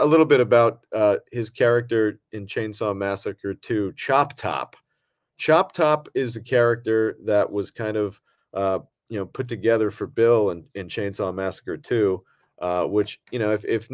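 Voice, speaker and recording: A man's voice: fairly low pitch, no room sound, clean studio sound. A man co-hosting a podcast, talking casually in a rambling way with many fillers and restarts. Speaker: podcast co-host.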